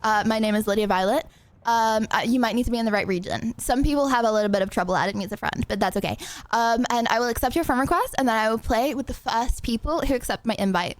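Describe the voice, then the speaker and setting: A young English woman streaming a game, chatting bubbly and fast with lots of fillers and giggles. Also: on the high side, dry recording. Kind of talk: casual live-stream chatter.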